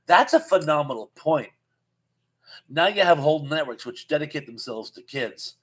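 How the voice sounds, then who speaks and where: A man's voice: fairly high pitch, moderate pace, rough recording. A man in his fifties hosting a casual live chat, reading viewer comments aloud and rambling with frequent restarts.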